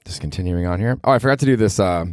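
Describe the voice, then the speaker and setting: A man with a very low voice talks alone into a mic, rambling loosely and making fun of himself, with the odd swear tossed in. The sound is dry and close, with no room around it. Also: very fast, dry recording. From Cleveland, Ohio. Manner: rambling, self-deprecating, swears casually. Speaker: podcast host. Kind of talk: solo podcast monologue.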